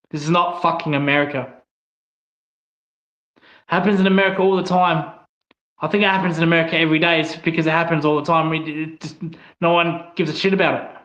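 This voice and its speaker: A man's voice: on the high side, fairly bright tone. A man with an Australian accent giving a blunt, angry opinion monologue, swearing often as he talks. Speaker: online commentator. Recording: echoey, slightly dull room sound.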